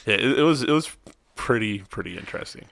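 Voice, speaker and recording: A man in a casual podcast conversation, joking with quick quips and casual swearing. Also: mid-range voice, animated, gravelly, fairly bright tone, dry recording. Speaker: podcast guest or host.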